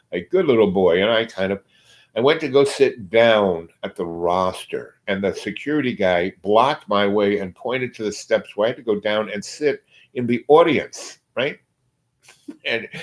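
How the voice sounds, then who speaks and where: Rambling low-voiced man telling a story. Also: poor audio. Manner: digressive, trails off and restarts often.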